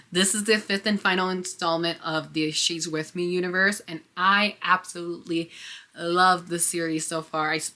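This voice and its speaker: Bubbly young woman with a bright voice. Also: deep voice. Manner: bubbly and excitable, with frequent laughs. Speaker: book vlogger. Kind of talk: casual book haul vlog.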